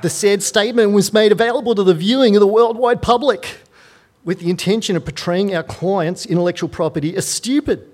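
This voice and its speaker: A man doing a mock Australian accent to voice a pompous lawyer reading out a demand letter, loud and exaggerated. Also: high-pitched, brisk, voice pushed up. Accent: put-on Australian.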